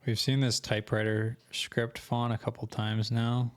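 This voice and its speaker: A young man walking through a screen-share tutorial, thinking aloud casually and correcting himself as he goes, his voice going hoarse. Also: mid-range voice, little pitch movement, unhurried, no echo. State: losing his voice. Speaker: co-host of an online selling channel.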